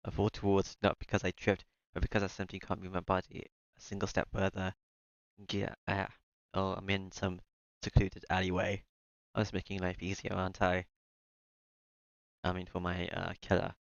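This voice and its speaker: A let's-play streamer reads a visual novel aloud in the first person, now and then breaking off for joking asides. His voice is low-pitched, monotone and creaky at a normal speed, and the lo-fi sound has no echo.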